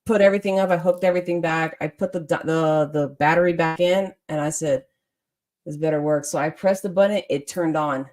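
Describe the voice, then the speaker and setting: A young adult woman hosting a casual chat, telling a story in a lively way, laughing often and acting out what people said. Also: on the low side, brisk, few pauses. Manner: animated, laughs often, acts out quotes. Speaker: podcast host.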